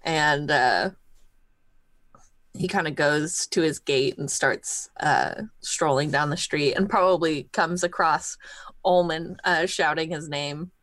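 A woman playing in a tabletop game, speaking in a hesitant, unhurried way, often slipping into light giggles. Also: low-pitched, fairly bright tone, no echo. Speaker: player. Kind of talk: in-character tabletop role-play.

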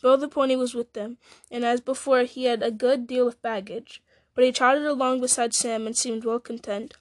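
A woman reading a novel aloud, steady, with small slips and restarts. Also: fairly high pitch, normal speed, dry recording. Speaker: audiobook reader.

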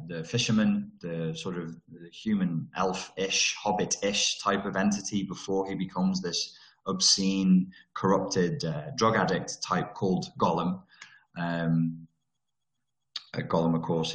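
Deep-voiced man talking candidly. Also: reverberant, low-quality recording. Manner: candid and digressive, with frequent restarts. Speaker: speaker on trauma recovery. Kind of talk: casual talk over a video call.

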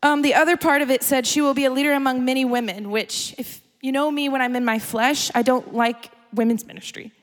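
A young adult woman giving a sermon as a story, chatty and animated, laughing often. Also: high-pitched, a little fast, few pauses. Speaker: speaker. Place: church gathering hall. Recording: long hall reverb.

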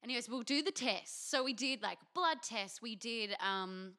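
A woman's voice: a little high, lively intonation, normal speed, bright, forceful tone. A young Australian woman telling a frank, self-mocking story as a podcast co-host. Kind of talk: candid storytelling chat.

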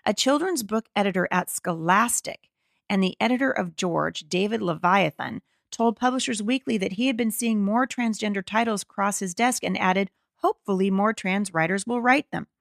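With a mid-range voice and noticeable vocal fry, a middle-aged woman hosts a podcast, reading an article and responding to it indignantly and emphatically while repeatedly restarting her sentences. The recording is dry and the studio sound clean.

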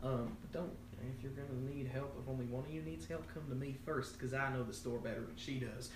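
A man's voice: mid-range voice, fairly quick, lightly acted. A man voicing a chatty, folksy female shopkeeper who calls people darling. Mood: friendly. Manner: folksy and friendly, says y'all and darling. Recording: echoey room, distant mic, noisy.

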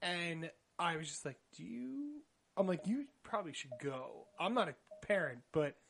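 A young man with a slightly high voice tells a dating story in a relaxed podcast chat. He is animated and laughs his way through the awkward parts. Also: normal speed. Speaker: podcast co-host. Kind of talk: casual storytelling.

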